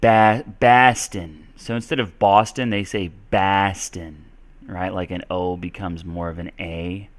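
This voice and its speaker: A man's voice: sits low, fairly even intonation, moderate pace, hardly any pauses. A man hosting a casual live-stream English Q&A lesson, chatty, with many fillers. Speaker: English teacher and stream host.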